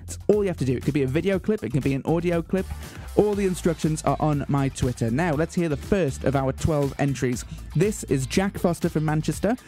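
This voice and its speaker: A man hosting a community radio show, announcing in a mock-grand, deadpan way. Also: fairly high pitch, a little fast. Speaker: radio host. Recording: faint music bed behind.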